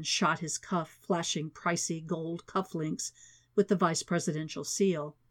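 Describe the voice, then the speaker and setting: Woman narrating a thriller audiobook. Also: on the low side. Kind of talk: scripted narration.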